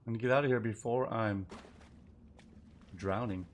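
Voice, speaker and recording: A man's voice: on the low side, moderate pace. A man streaming a game live, chatting and thinking aloud in a loose, rambling way as he plays. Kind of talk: live gameplay commentary.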